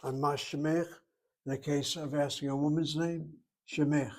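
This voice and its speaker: Man teaching Hebrew pronunciation slowly. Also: on the high side, level tone, poor audio. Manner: spells out pronunciation slowly, repeats words. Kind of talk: classroom grammar lesson.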